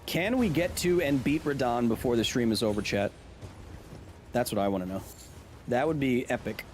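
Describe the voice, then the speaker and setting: Hosting a live game stream, this gaming streamer jokes around and chats with viewers while he plays, keeping things playful. His mid-range voice has lively intonation, a normal pace, and a slightly mellow quality, with a little hiss or hum in the recording.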